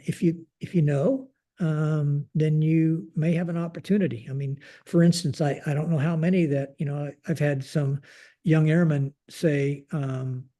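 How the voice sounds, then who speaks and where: Mellow, halting man in his sixties. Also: a little high. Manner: halting, frequent restarts, keeps saying "like this". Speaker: podcast guest, retired Air Force general. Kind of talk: conversational storytelling.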